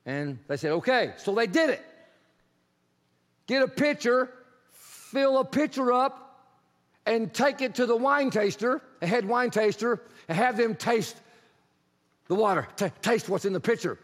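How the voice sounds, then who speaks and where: A man delivers a sermon in a very high voice, telling the stories with lively energy and acting out the people in them. At points he rises into shouting. His voice rings with a long reverb, as if in a large hall. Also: a little slow, pauses often. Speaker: preacher.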